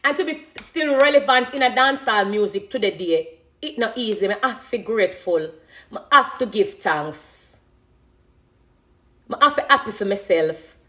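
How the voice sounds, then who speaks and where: A woman's voice: medium pitch, lively intonation, moderate pace, fairly bright tone. A woman in her thirties with a Jamaican accent speaking passionately and emphatically about her career, full of thanks. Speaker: dancehall artist. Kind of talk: emotional spontaneous speech.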